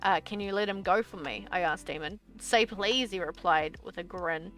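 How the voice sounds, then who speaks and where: Bright-voiced young woman reading aloud. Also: on the low side, moderate pace, faint music behind. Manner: reads in bursts, breaks off into exasperated swearing asides. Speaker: streamer. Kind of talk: reading her old story aloud with commentary.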